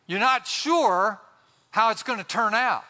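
A male pastor preaching a sermon with impassioned, dramatic pauses. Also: high-pitched, bright, forceful tone. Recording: long hall reverb.

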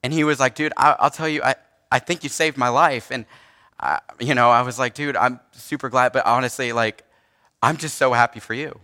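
A man's voice: medium pitch, fairly even intonation, a little fast, bright, forceful tone. A young man preaching, telling a personal story in a casual, earnest way with frequent restarts and fillers. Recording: long hall reverb.

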